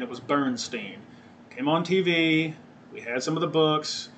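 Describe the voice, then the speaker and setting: A man's voice: a little high, measured pace, a bit bright, a little hiss or hum. A man hosting his own podcast, chatting casually in a rambling, profane way and often correcting himself. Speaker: podcast host. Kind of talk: casual solo podcast chat. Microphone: webcam or desk mic, seen on video.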